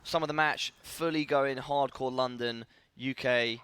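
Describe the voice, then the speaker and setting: A man doing playful, excitable live commentary on a team shooter match, joking with his co-caster. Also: mid-range voice, unhurried, clear, resonant tone. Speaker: esports caster.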